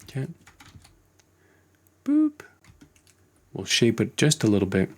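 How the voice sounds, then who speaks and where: A man teaching animation in a screen-recorded tutorial, relaxed and thinking aloud as he works. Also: lowish voice, fast talker. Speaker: animation instructor.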